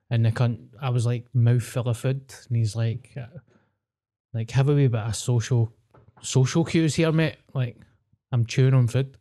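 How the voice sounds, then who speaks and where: A man co-hosting a podcast in relaxed, sweary banter. His voice is warm and mellow. He speaks at an ordinary middle pitch, with a dry edge to his jokes. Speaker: podcast co-host. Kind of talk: casual chat.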